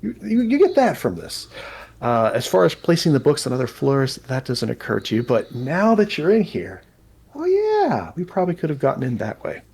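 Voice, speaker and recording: A man's voice: on the high side, wildly swooping pitch, normal speed, gravelly, a little mellow, slightly rough. A man narrating a tabletop game as game master, rambling with frequent restarts. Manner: rambling, many restarts and fillers.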